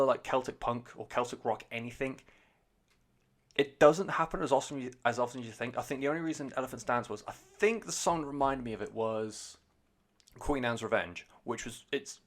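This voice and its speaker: A man's voice: medium pitch, a little fast. A man hosting a podcast, giving a casual, rambling album review full of swearing, fillers and restarts. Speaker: podcast host, music reviewer.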